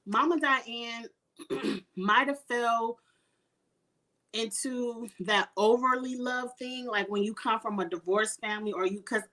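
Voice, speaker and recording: A woman's voice: on the high side, slow. Blunt, profane woman recapping a reality show. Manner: blunt, profane, animated, with frequent laughs and throat clearing. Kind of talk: casual live recap with commentary.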